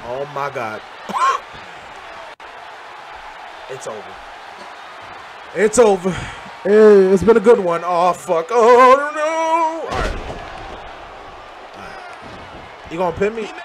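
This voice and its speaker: A man commenting on his own wrestling game as he plays, loud and profane, trash-talking and often shouting. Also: sits high, big pitch swings, slow pace, pauses often. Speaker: gaming channel host. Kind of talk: live reactive gameplay commentary. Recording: crowd and game noise behind.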